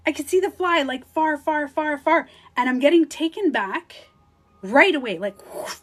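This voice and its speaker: A woman talks straight to her followers on a livestream, animated and casual. Her voice sits a little high, and she acts out her own thoughts as she goes. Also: moderate pace, faint music behind. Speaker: beauty coach livestreaming to followers.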